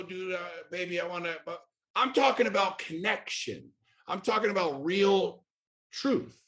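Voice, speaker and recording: A man's voice: on the high side, a bit bright. A man in his forties from the United States, a podcast guest talking in a blunt, emphatic, profane way. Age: 40s. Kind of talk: casual chat.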